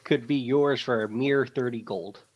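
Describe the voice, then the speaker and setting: A man in a tabletop role-play session, talking in a mid-range voice. He rattles off smooth salesman patter broken up by lots of uhs and restarts. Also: medium pitch, muffled recording. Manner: fast-talking salesman patter with many fillers. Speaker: player.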